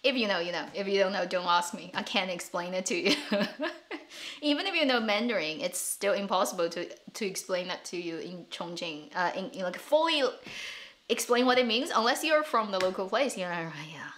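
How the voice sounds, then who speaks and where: A woman's voice: medium pitch, animated, moderate pace, fairly bright tone. A woman chats casually on a live stream in a mid-range voice. She laughs often and repeats words while she gathers her thoughts. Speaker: streamer and show host.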